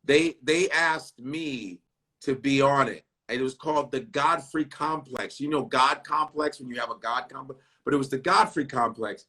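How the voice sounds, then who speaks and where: Blunt, bright-voiced comedian. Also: male voice, medium pitch, normal speed, slightly rough. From Chicago. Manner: blunt, profane, animated storytelling that acts out other people's lines. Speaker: comedian guest. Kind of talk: casual interview chat.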